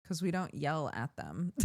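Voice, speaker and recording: A woman streamer chatting casually to her viewers, telling stories animatedly with yelled bits and bursts of laughter. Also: low-pitched, wildly swooping pitch, slow pace. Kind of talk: casual chat.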